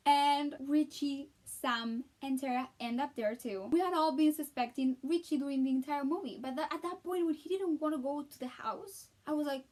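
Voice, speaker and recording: High-voiced, gushing woman vlogger. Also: moderate pace, few pauses. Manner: excitable and gushing, acting out her own reactions. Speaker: vlogger reviewing a film. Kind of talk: casual chat.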